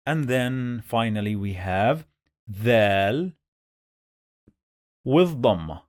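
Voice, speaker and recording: Male teacher, slow, dry close sound, repeats sounds for beginners. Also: mid-range voice, animated, no room sound. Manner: drills sounds by repeating them many times. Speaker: Arabic reading teacher. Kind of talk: slow step-by-step pronunciation lesson.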